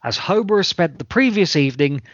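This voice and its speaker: A man recaps an episode in a semi-deadpan, dry-witted way, his pitch bouncing around freely. His voice sits a touch high for a man. The sound is dry and close, with a dull, lo-fi tone. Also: a little fast, no room sound. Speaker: podcast host.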